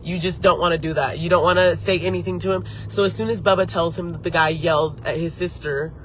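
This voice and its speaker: A beauty channel host with a lowish female voice tells a story live to her viewers, speaking quickly in a steady tone. Her telling is heated and profane, and she pauses to answer chat comments. There's a slight hiss or hum in the audio.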